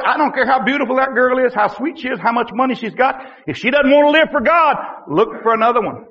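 A man's voice: high-pitched, fairly bright tone, highs cut off. A middle-aged man, a pastor, preaching a folksy, emphatic sermon with repeated refrains.

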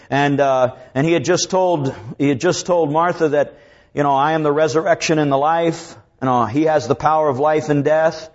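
A man with a fairly high voice preaches a sermon, slowing down to draw out scripture and swinging from urgent peaks to hushed lows. The recording is dull and lo-fi. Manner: preaching with dramatic rises and drops; slows down to draw out scripture quotes.

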